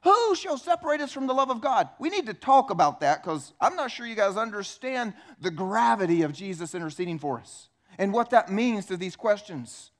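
A man preaching a sermon, animated and emphatic, asking rhetorical questions of his congregation. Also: sits high, normal speed, few pauses. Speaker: pastor.

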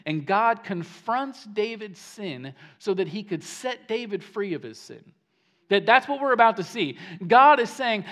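Animated male pastor preaching a sermon. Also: high voice, a little slow. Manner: animated preaching, swings between hushed and emphatic; repeats words when starting phrases.

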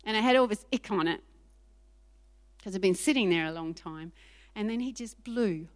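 A woman pastor preaching a sermon in an animated, emphatic way, repeating phrases for effect. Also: mid-range voice, moderate pace, pauses often.

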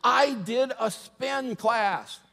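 A middle-aged man preaching a sermon, moving from humorous storytelling to quiet, earnest preaching. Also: very high voice, extremely slow, gravelly, slight background noise. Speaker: pastor. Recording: long hall reverb.

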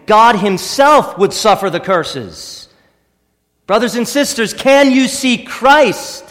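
Pastor in the pulpit: a man with a high voice, emphatic preaching, long reverb from the church room. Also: a bit bright. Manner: emphatic preaching with repeated rhetorical questions. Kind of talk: sermon. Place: church sanctuary.

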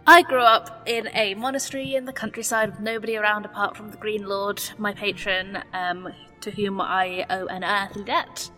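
Bright, hesitant woman player. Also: mid-range voice, fairly even intonation, moderate pace, few pauses. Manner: hesitant, playful, stumbling restarts. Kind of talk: tabletop role-play, in character. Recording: long reverb, faint music behind.

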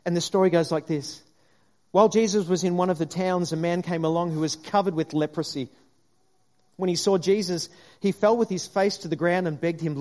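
Earnest guy preaching a sermon, fairly high voice, restarts a lot. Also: steady tone, brisk, darkish tone. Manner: earnest, repeats words, frequent "if you like".

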